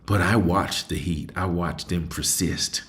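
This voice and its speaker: Deep-voiced man musing aloud. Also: unhurried, a bit bright. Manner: rambling and conversational, with many fillers. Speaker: host. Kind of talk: solo reflective talk show.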